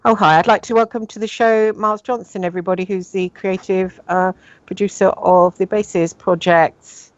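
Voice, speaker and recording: A woman's voice: medium pitch, fairly even intonation, moderate pace, no room sound, highs cut off. A woman with an English accent hosting a radio show, chatting casually and with some exasperation, with many fillers.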